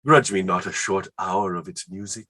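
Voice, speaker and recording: A man reading the part of an excitable, word-smitten Elizabethan poet in a staged play reading, rhapsodic and quick to laugh. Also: deep voice. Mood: rapturous.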